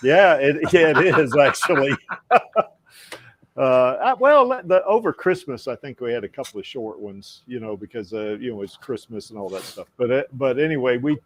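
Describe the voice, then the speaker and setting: Man, podcast host, casual livestream chat, rambling, fillers, laughs a lot, mid-pitched voice. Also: sing-song, moderate pace, slight background noise.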